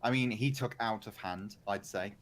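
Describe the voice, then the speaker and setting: A man's voice: fairly low pitch, normal speed, slight background noise. A man hosting a casual chat podcast, joking and blunt, swearing freely. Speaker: podcast host.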